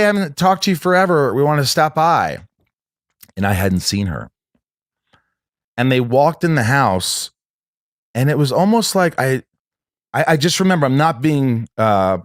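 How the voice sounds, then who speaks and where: A man telling a long personal story in casual conversation, halting and restarting often. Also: mid-range voice, dry recording, studio quality. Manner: rambling, halting, with many restarts.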